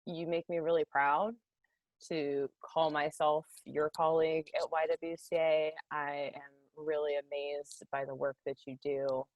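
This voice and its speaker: A woman's voice: low voice, flat delivery, a little slow, darkish tone, dry recording, highs cut off. A woman moderating a webinar panel over a video call, speaking earnestly and thanking the panelists.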